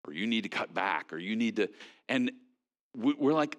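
A man with a lower-pitched voice delivers a sermon as a pastor. His delivery is conversational and animated, with frequent fillers and quick restarts.

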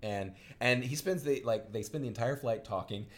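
A man's voice: medium pitch, moderate pace. A man co-hosting a podcast, chatting casually about a movie with jokes and mock accents. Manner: animated, jokey, slips into mock accents. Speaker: podcast co-host. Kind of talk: casual movie-review chat.

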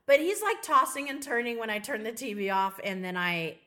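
A woman co-hosting a casual podcast, her voice high and bright. She tells stories with big swings in pitch and swears freely. She often breaks into loud laughter. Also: fairly quick. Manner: animated storytelling, loud laughing outbursts, heavy swearing. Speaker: podcast co-host. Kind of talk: casual chat.

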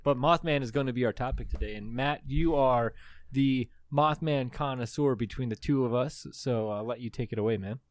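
A man's voice: mid-range voice, moderate pace, no room sound. A man co-hosting a comedy podcast in loose, joking, self-deprecating chat. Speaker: podcast co-host.

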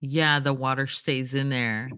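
A woman's voice: extremely low pitch, fairly even intonation, unhurried, pushed and bright, clean tone, no echo, clean studio sound. A woman co-hosting a podcast in casual chat, giggly and joking. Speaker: podcast co-host.

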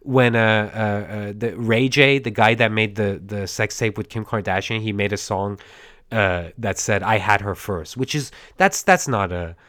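A man's voice: mid-range voice, no room sound, clean studio sound. A man hosting a podcast, recapping a movie in a rambling, digressive way, stammering and acting out the characters' lines, his throat a bit scratchy. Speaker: podcast host.

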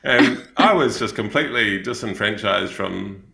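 A New Zealand man with a low, gravelly voice that still comes through bright and forceful. He tells stories in an unhurried, rambling way, full of ums and restarts, and the sound carries a roomy echo. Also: animated, a little hiss or hum. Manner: rambling, many fillers and restarts. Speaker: podcast co-host, missionary. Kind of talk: casual storytelling chat.

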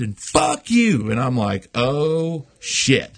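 A man of middle pitch tells a story on a podcast, rambling with many fillers and casual swearing. His voice sounds dry and close. The talk is loose and conversational. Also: sing-song, slow, few pauses, a bit bright, dry recording. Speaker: podcast host. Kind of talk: casual chat.

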